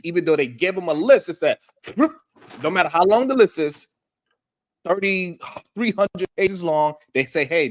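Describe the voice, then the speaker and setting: A man's voice: fairly high pitch, fairly bright tone, no echo, clean studio sound. A man on a podcast panel, making his point in an emphatic, argumentative way. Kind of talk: casual chat.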